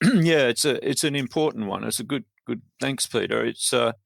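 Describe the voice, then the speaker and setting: An Australian man with a gravelly, creaky voice, talking in a halting and wry way as a poet guest. He starts and restarts his thoughts often, amused by his own stories. The sound is close and dry. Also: medium pitch, a bit bright, no echo. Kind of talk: casual interview chat.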